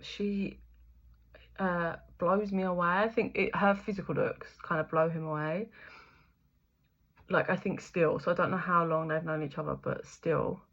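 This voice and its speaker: Bright-voiced woman giving a chatty reading. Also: on the low side, fairly even intonation, a little slow, vocal fry, dull audio. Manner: chatty, many fillers, swears, laughs often. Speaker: intuitive reader. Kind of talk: casual spiritual reading.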